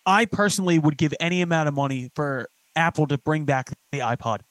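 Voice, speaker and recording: Young guy podcast host, talks super fast, cusses a lot, dry mic. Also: a little high, a bit bright, no room sound. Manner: fast, profane, storytelling with acted-out quotes. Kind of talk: casual chat.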